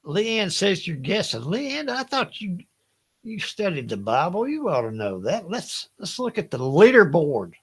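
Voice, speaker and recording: Older Southern US man, high bright voice, unhurried, folksy trivia host who laughs often. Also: wildly swooping pitch, husky. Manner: chatty, folksy, laughs often, reads each question twice. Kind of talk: hosting a live Bible trivia game.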